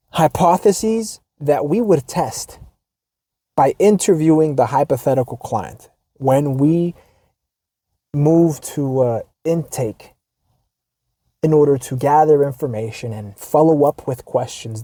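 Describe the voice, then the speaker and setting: A man's voice: fairly high pitch, warm tone, no echo, studio quality. A man hosting a podcast in a casual monologue, wry and profane, with frequent restarts and quote-unquote asides, speaking with an American accent. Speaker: podcast host. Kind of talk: casual monologue reading a forum post.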